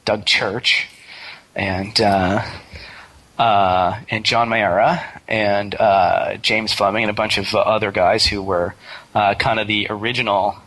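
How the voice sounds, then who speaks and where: A middle-aged man talking as the guest in a casual interview, relaxed and hesitant, with many fillers and restarts. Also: fairly low pitch, takes it slowly, rough recording. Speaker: interview guest, game developer.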